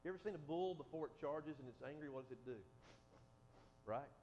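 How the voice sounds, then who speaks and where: A man preaching a sermon, reading scripture aloud and explaining it with rhetorical questions, swinging between loud emphasis and quiet asides. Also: fairly high pitch, a little fast, highs cut off, a little hiss or hum. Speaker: pastor.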